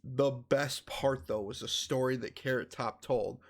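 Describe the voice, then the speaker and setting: A man's voice: medium pitch, a little slow, gravelly. A man hosting a gaming podcast, telling stories in casual, profane chat. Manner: profane, animated storytelling. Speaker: podcast host.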